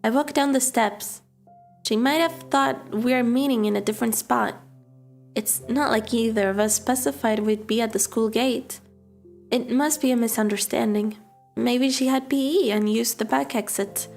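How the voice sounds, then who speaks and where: Woman reading anxious teen schoolgirl narrator, inner monologue, higher voice, faint music. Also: normal speed, creaky, darkish tone. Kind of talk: reading a visual novel aloud.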